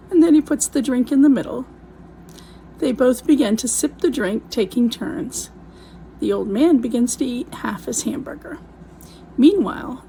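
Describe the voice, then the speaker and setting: A woman's voice: a little high, vocal fry, warm tone, a little hiss or hum, low-quality recording. A woman telling a countdown of marriage jokes as the channel host, building to each punchline. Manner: storytelling with punchline delivery. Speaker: joke teller, channel host. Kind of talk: scripted joke countdown narration.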